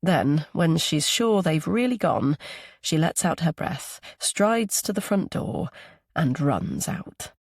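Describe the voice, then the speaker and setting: A man narrating an audiobook thriller in a steady, even storytelling voice. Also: a little high, takes it slowly, husky, no room sound, studio quality. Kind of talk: scripted narration.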